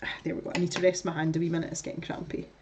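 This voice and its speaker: A woman's voice: on the low side, level tone, rapid-fire, noisy background. A woman chatting casually while crafting on a livestream, telling stories, reading out chat comments and laughing often.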